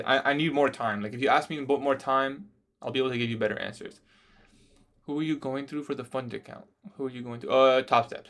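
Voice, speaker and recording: His voice sits in the mid range with a fairly bright tone. He's a young man day trading live, chatting loosely as he reads and answers viewer questions, peppering his replies with "bro" and chuckling at odd questions.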